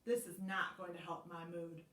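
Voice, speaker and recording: A woman voicing a cool, usually cheery cat in a lively, friendly storybook voice. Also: lowish voice, normal speed, voice pushed down, lightly acted. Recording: roomy sound, mic at a distance.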